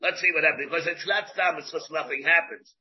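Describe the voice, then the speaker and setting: Man, rabbi, Talmud class lecture, high-pitched, husky, repeats phrases, dull lo-fi recording. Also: fast talker, slight background noise. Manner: rhetorical questions, repeats phrases, mixes in Hebrew terms.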